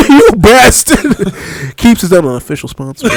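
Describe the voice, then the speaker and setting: A young man on a podcast mic, talking high and lively with big swings in pitch. He tells stories in a casual, loud way, breaks into laughing outbursts and swears freely. The sound is dry and close. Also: slightly rough, no echo. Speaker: podcast co-host. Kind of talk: casual comedic podcast banter.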